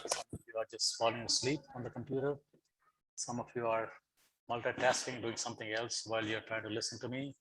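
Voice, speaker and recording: A middle-aged man speaking over a video call as a guest speaker, coaxing his audience through a lively online session and often repeating words as he gets going. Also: medium pitch, fairly quick, slightly rough, rough recording. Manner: animated, coaxing, repeats words when starting. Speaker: guest speaker for teacher training. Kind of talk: online lecture leading laughter exercises.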